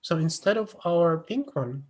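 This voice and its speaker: Slow-spoken male lecturer, halting delivery. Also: a little high, expressive, darkish tone. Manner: halting, many fillers and restarts, non-native phrasing. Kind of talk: online lecture with screen demo.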